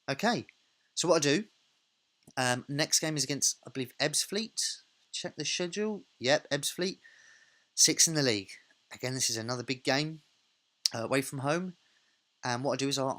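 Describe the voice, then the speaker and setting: A man's voice: medium pitch, bright, forceful tone. A man hosting a let's play, thinking aloud in a casual, self-correcting way while he narrates a football management game.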